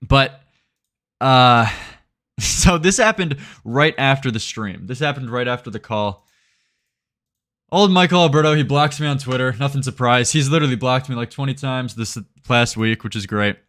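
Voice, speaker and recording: A man's voice: mid-range voice, animated, moderate pace, fairly bright tone. A young man giving mocking commentary as a streamer, sarcastic and rambling, often laughing.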